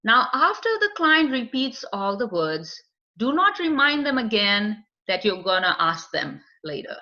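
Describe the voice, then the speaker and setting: Bright-voiced woman trainer, lo-fi sound. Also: a little high, sing-song, a little slow. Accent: non-native English. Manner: explanatory, with fillers and acted client quotes. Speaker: dementia screening trainer. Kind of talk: training lecture. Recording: dull lo-fi recording.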